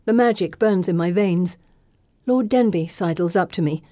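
A woman narrating a first-person novel in a measured, dramatic reading. Her voice is dark and mellow and sits a little low. The recording is dry and close. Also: no room sound. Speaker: audiobook narrator.

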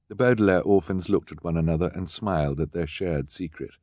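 A man's voice: low voice, a little fast, few pauses, warm tone, no echo. A man narrating an audiobook with a dry, wry storytelling manner. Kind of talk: scripted narration.

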